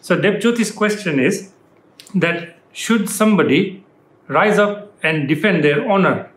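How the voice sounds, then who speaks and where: A man's voice: high-pitched, expressive, measured pace. A man hosting a talk show, conversationally reading out viewers' questions. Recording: echoey room.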